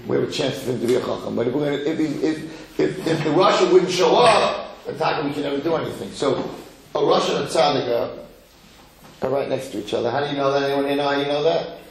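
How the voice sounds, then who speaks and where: A middle-aged man, a rabbi, giving an animated lesson to a live audience, repeating phrases and putting questions to the room. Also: on the high side, fast talker, gravelly, a little hiss or hum. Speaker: rabbi teaching a class. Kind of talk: Torah lecture to a live audience. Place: lecture hall with audience. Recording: echoey hall.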